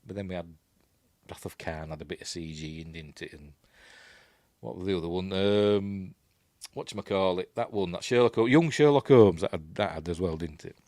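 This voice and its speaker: A man's voice: low-pitched, normal speed, warm tone, no room sound, studio quality. Rambling Yorkshire man reviewing a film. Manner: rambling, hesitant, full of asides. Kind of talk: casual film commentary over playback.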